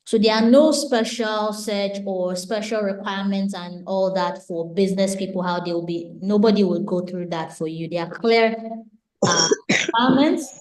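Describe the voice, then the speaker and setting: A woman's voice: on the low side, a little mellow, reverberant, low-quality recording. A woman hosting an online webinar, politely directing participants and answering questions over a video call. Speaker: webinar host.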